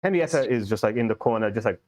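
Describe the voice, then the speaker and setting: Indian game master telling a story. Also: male voice, mid-range voice, expressive, fast talker, a little mellow, low-quality recording. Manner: loose, filler-heavy storytelling. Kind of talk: narrating a tabletop game.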